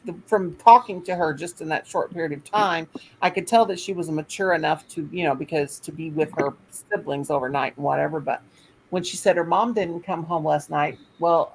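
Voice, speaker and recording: Older lady rambling thru a story, gravelly lowish voice, bit of hiss behind. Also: low-quality recording. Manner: rambling, animated quoting of others. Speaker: retired teacher telling a story. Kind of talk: casual storytelling chat.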